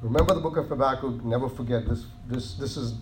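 A male preacher gives a sermon in a mid-pitched voice. He is earnest, repeats himself and restarts his phrases, and slows down to hammer key words home. A faint hiss sits under the recording.

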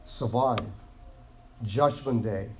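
A man preaching a sermon in an earnest way, often restarting phrases and slowing down to stress key words. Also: fairly low pitch, slight background noise.

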